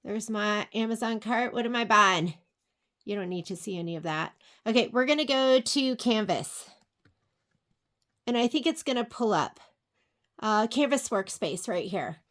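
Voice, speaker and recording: A woman giving a casual step-by-step crafting and cutting software tutorial, chatting to herself and to viewers as she works. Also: a little high. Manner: chatty, talks to herself while working, asides to viewers. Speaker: sewing and crafting instructor.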